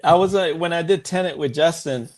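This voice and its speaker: A man as a podcast guest in a casual interview, a relaxed storyteller who speaks bluntly and laughs at himself. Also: on the high side, fairly quick. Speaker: podcast guest, filmmaker and veteran.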